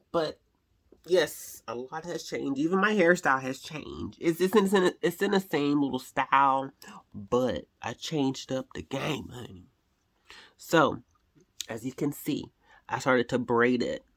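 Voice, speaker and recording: A woman vlogging casually to camera, chatty and expressive, often calling viewers honey. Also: rumbling low, a little slow, pauses often, slightly rough.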